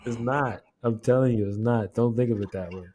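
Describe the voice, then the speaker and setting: A man's voice: mid-range voice, fairly quick, a crowd in the background. A man co-hosting a podcast, teasing his partner in casual banter, laughing a lot and swearing freely. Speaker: podcast co-host. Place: indoor recording set.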